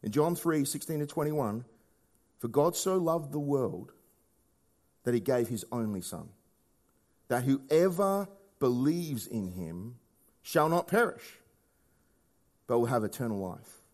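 A man preaching a sermon in a conversational way, often asking rhetorical questions and swinging between hushed low lines and raised emphatic ones. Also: sing-song, slow pace, pauses often.

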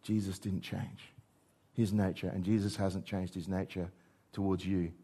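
A middle-aged man preaching a sermon, acting out dialogue with rises and drops in pitch and volume. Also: unhurried, slightly rough. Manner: animated, acts out dialogue with shifting pitch and volume.

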